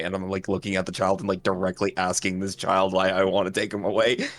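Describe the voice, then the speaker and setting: A man playing a tabletop game, chatting casually as he lays out his character's actions. His voice sits on the low side, with faint music in the background. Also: level tone, quick pace. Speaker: player.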